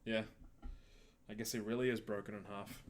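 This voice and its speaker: Low-voiced laid-back young man. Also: flat delivery, normal speed, a loud crowd. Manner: laid-back, laughs often, trails off mid-sentence. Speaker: podcast co-host. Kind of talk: casual chat.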